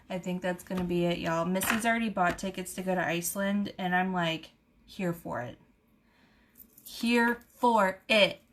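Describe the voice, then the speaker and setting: A woman, hosting a casual live stream and telling stories in an animated, chatty way. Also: mid-range voice. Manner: chatty, animated storytelling with laughs. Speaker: beauty vlogger host. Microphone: camera mic on a live stream.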